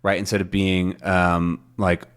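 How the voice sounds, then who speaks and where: A man hosting a podcast lesson for English learners, talking in a relaxed, loose way with many fillers and restarts. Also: deep voice, measured pace, clear, resonant tone. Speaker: podcast host and English teacher. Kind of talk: casual spoken lesson.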